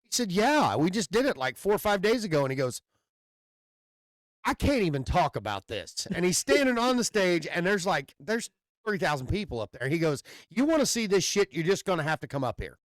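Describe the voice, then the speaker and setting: A man's voice: high-pitched, sing-song, fairly quick, no echo. A man, hosting a casual chat and rambling through a story, swearing freely and restarting his sentences. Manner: rambling storyteller with loose profanity and stammered restarts. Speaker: podcast host.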